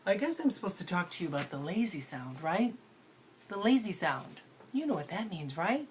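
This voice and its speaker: A woman's voice: fairly low pitch, sing-song, fairly quick, a little hiss or hum. A woman teaching an English pronunciation lesson to camera, playful and coaxing, often asking the learner questions.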